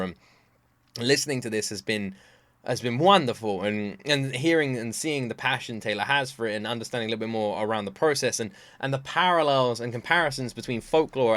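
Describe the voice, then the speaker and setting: An excitable man talking straight to camera for his reaction channel, voice leaping up high when he gets worked up. He laughs often and stumbles through restarts. The sound is close and dry. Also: dry recording. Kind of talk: casual reaction commentary.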